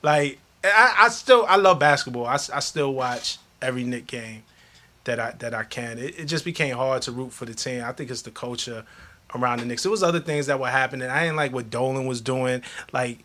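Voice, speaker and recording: A man in casual podcast chat, his voice bright and forward. He talks animatedly, laughs easily and stumbles into quick restarts as he goes. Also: medium pitch. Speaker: podcast guest, media journalist.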